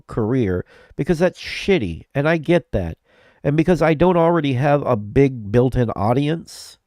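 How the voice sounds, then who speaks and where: A man's voice: mid-range voice, a little mellow, no echo, clean studio sound. A man streaming while sick with flu-like symptoms. He chats casually, rambles, interrupts himself and laughs often. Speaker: live streamer. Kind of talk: casual live-stream chat.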